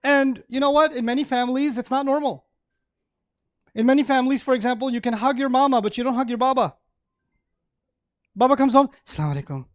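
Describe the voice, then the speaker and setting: A male preacher giving a sermon to an audience, animated, acting out everyday examples and laughing often. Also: very high voice, brisk, long pauses, no echo, studio quality.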